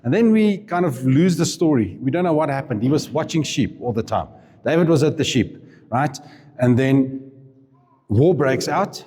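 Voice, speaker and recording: A man's voice: mid-range voice, expressive, normal speed, warm tone, husky. A man preaching a sermon, retelling a Bible story informally, with asides and chuckles. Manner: chatty and informal, with asides and laughs. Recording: reverberant hall.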